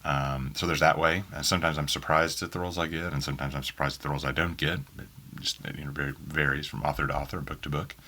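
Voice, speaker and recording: A man's voice: extremely low pitch, flat delivery, fast talker, sharp tone. A man from Oklahoma with a faint Southern accent, an audiobook narrator answering interview questions in a rambling way full of ums. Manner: rambling, many ums and restarts. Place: small home booth in a spare bedroom.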